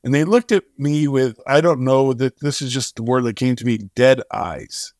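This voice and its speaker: A man's voice: medium pitch, moderate pace, no room sound, clean studio sound. A middle-aged man, a singer-songwriter and charity co-founder, telling a long story in an interview and acting out the dialogue as he goes. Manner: animated storyteller who acts out dialogue.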